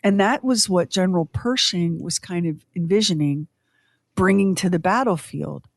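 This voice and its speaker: A woman's voice: on the low side, dry recording, studio quality. A woman in her fifties hosting a podcast, chatting casually with tangents and self-deprecating humor. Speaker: podcast host.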